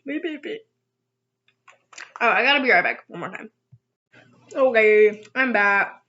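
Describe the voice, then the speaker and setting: A woman's voice: medium pitch, moderate pace, sharp tone. A young woman chatting casually in an eating vlog, rambling and giggling at herself, with a dull lo-fi recording. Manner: giggly, rambling, self-teasing. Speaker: vlogger. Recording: dull lo-fi sound.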